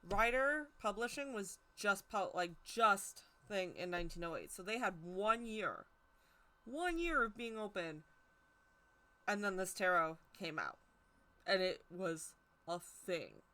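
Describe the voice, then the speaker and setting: A woman's voice: mid-range voice, expressive, measured pace, bright, forceful tone. A woman giving a casual, chatty history talk on tarot, stumbling over hard names and poking fun at herself. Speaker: tarot teacher.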